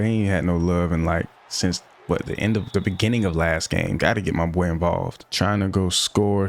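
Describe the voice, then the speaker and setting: Young male gaming streamer, slightly low voice, casual slang-heavy play-by-play with frustrated outbursts. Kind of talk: live gameplay commentary.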